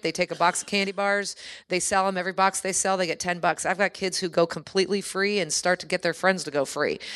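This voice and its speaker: A bright-toned woman with a lowish voice talks to a church meeting in an earnest, chatty way. She explains how her kids camp works and answers people's questions with enthusiasm.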